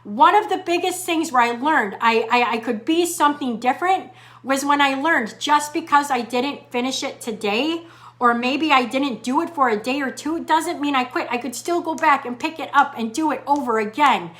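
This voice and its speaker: A middle-aged woman hosting a live motivational talk as a fitness coach, reading viewer comments and repeating key lines slowly for emphasis. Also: high voice, a bit bright. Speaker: fitness coach and show host.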